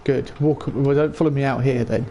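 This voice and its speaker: Brief: male streamer, gravelly voice, mid pitch, loose chatty game commentary. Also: fairly even intonation, a little fast, dark tone, a little hiss or hum. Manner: chatty, chuckles often, talks to chat. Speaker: gaming streamer. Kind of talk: casual let's-play commentary.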